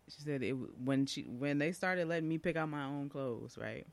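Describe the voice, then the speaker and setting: A man talks casually into a podcast mic. He speaks at a middle pitch, chatty and open, wandering through asides and fillers as he tells his own story. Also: normal speed, gravelly.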